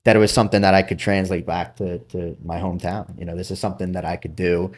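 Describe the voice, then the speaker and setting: Middle-aged male guest, low voice, animated storyteller, casual podcast chat. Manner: animated, quick asides, acts out quotes. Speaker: podcast guest, former Navy SEAL.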